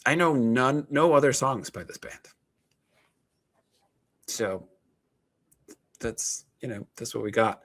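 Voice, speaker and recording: A man's voice: mid-range voice, lively intonation, takes it slowly, long pauses, a bit bright, no echo. A man in his thirties, a therapist hosting his own video, talking casually with many fillers, restarts and wry asides. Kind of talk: casual talking-head commentary.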